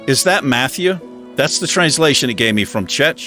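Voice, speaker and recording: With a mid-range voice at a moderate pace and faint music in the background, a livestream host chats casually. He's lively, fumbles over how to pronounce words, and laughs at himself often.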